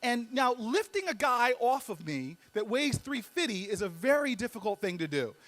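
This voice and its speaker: Guy w a high voice doing a funny story speech, lively, repeats himself building up. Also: moderate pace. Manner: animated, comic timing, repeats words while building up. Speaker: guest speaker.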